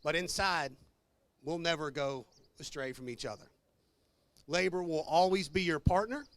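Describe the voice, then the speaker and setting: Bright-voiced labor leader at a rally. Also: male voice, on the high side, moderate pace. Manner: earnest, addresses crowd as brothers and sisters. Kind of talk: ad-libbed rally speech. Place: outdoor rally.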